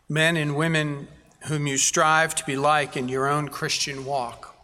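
A pastor delivering a sermon in a slightly high, bright and forceful voice. He preaches earnestly, stacking repeated phrases for emphasis. The sound rings with the long reverb of a church sanctuary.

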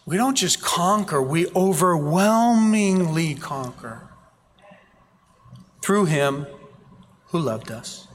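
Man, preacher, animated sermon storytelling, high-pitched, echoing church hall. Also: slow pace, pauses often. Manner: animated storytelling, acting out quoted voices. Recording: reverberant hall.

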